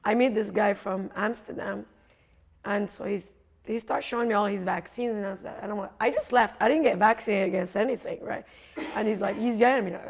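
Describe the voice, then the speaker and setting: A middle-aged woman from Africa, a coach and speaker, telling a lively travel story and acting out the voices of people she met. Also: mid-range voice, brisk. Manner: animated storyteller, acts out quoted voices, laughs often. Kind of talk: storytelling talk.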